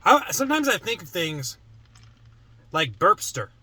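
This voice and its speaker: A man's voice: high voice, sing-song, unhurried, pushed and bright, breathy edge, no echo. A man vlogging in casual chat to the camera, rambling with lots of fillers and restarts.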